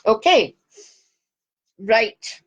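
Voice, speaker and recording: A woman's voice: a little high, lively intonation, extremely slow, muffled recording, a little hiss or hum. A middle-aged woman with a Glasgow Scottish accent hosting a casual live stream as a psychic. She chats along, greets viewers by name and pokes fun at herself. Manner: chatty, self-deprecating, greeting viewers by name.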